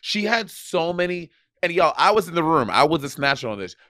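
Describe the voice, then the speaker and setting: A podcast co-host chats casually, rambling along with lots of fillers and restarts. His voice is fairly high and swings widely in pitch, and he talks fairly fast in a sharp tone. The sound is clean studio audio with no room sound.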